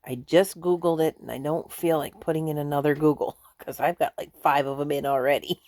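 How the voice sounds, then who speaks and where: A woman's voice: low voice, steady tone, brisk, a little mellow, no room sound. A woman vlogging at home in a casual, rambling way, chuckling often as she talks. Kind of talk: casual chat to camera.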